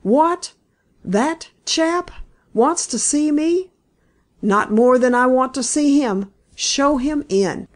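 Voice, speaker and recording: A woman reading an audiobook and voicing a gruff, boorish middle-aged male horse dealer. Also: mid-range voice, sing-song, a little slow, hardly any pauses. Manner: blustering, loud outbursts. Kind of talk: audiobook character voice.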